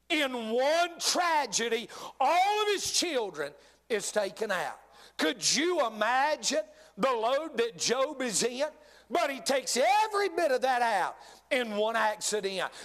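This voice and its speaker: A middle-aged man preaching a sermon, swinging between loud bursts and hushed, drawn-out words. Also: extremely high pitch. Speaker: pastor.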